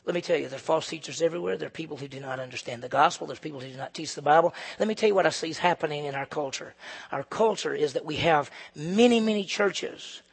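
Gravelly preacher in an echoing hall. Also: male voice. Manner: emphatic, rising to loud peaks then dropping low. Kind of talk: sermon. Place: church sanctuary. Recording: long reverb of a large hall.

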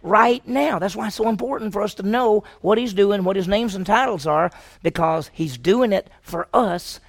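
A man's voice: sits high, normal speed. A man preaching a sermon, asking the congregation questions and acting out the voices of the people in the story. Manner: asks the congregation questions, acts out quoted voices. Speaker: pastor.

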